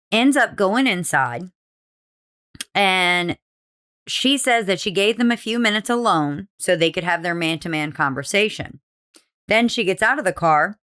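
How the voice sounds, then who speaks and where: A woman's voice: medium pitch, fairly bright tone, clean tone. A woman hosting a casual true crime podcast, swearing freely and acting out quotes from the people she talks about. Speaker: podcast host.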